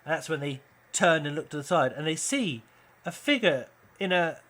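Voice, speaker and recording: A British man with a bright, forceful voice tells a film pitch as an animated story, speaking a little higher than most men. He jumps into raised voices whenever he acts out the quoted lines. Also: normal speed. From United Kingdom. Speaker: channel host pitching a film idea.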